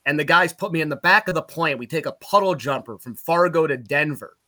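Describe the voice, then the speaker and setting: A middle-aged play-by-play broadcaster from Utica, in upstate New York, swaps road stories in a casual podcast conversation. His voice is fairly high and a bit quick, and he gets animated and loud whenever he reaches a punchline.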